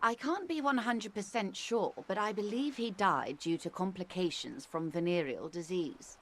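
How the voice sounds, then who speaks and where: A woman voicing a worldly, wry older woman in a video game, arch and measured, explaining things with dry irony. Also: mid-range voice, natural voice. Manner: arch, measured, dryly ironic.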